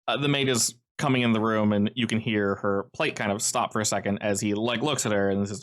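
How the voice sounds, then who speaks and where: A man's voice: fairly low pitch, steady tone, fairly quick, hardly any pauses. A man running a tabletop role-playing game as game master, narrating casually with fillers.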